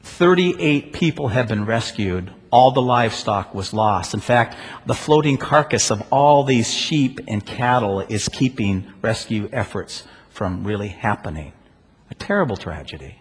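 A man preaching a sermon, with a husky, slightly breathy voice. He leans on rhetorical questions and swings from loud emphasis to quiet stretches. His voice rings out with a long reverb in a church sanctuary. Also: lowish voice, expressive, a little slow. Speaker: pastor.

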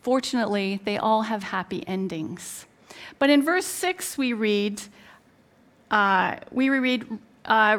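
A woman's voice: fairly high pitch, expressive, slow, fairly bright tone. A middle-aged woman from Canada preaching a sermon, retelling a personal story with many fillers and emphatic turns.

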